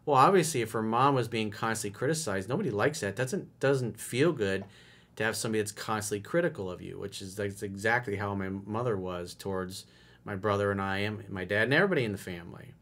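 A man's voice: on the low side, fairly quick, fairly bright tone. Blunt, profane man giving relationship advice. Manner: blunt, direct and profane, acting out lines of dialogue. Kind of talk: advice monologue answering a listener letter.

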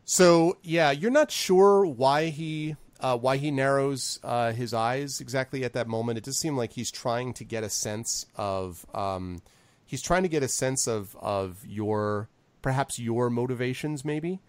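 A man's voice: mid-range voice, a little slow, clean tone, dry recording. A man narrating as game master in a tabletop game, hesitant and full of restarts. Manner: hesitant, full of fillers and restarts while describing scenes.

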